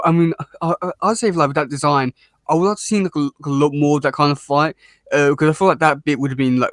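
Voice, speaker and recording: Halting man in casual review chat. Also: a little high, no echo, studio quality. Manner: halting, many restarts and fillers, laughs often. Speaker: podcast co-host reviewing a cartoon episode.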